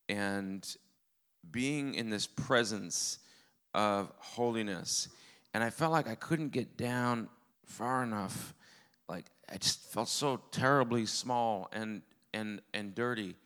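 A man's voice: lowish voice, takes it slowly, fairly bright tone, clear, resonant tone. Earnest man telling his testimony. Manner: earnest storytelling with self-deprecating humor. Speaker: preacher. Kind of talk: testimony sermon.

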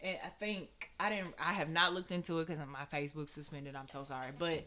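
A woman's voice: deep voice, steady tone, a little fast, sharp tone. A woman co-hosting a podcast in casual chat, rambling and trailing off mid-thought. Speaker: podcast co-host.

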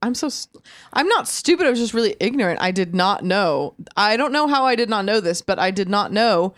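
A woman co-hosting a podcast, chatting casually and bluntly with a quick laugh. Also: medium pitch, lively intonation, fairly bright tone, no room sound, studio quality. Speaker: podcast co-host. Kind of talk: casual chat.

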